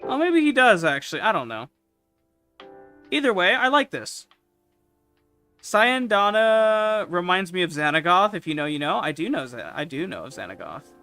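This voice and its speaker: High, animated, excitable male streamer. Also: moderate pace, pauses often, faint music behind. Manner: excitable, swears freely, loud outbursts. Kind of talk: casual livestream commentary.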